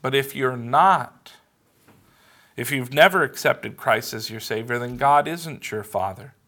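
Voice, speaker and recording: Slow, bright-voiced preaching man. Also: mid-range voice. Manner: earnest, measured preaching with emphatic pauses. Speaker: pastor. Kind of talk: sermon.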